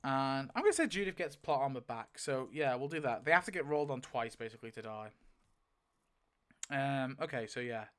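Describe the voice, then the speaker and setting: A man's voice: mid-range voice, lively intonation, a little fast. Chatty young man spinning a wheel. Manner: chatty and rambling, lots of filler and swearing. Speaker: video creator. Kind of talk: casual commentary while spinning a wheel.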